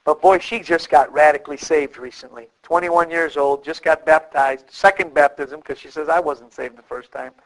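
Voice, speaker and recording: Male pastor, middle-aged, high voice, animated sermon delivery, acts out quoted voices. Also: normal speed, hardly any pauses, poor audio.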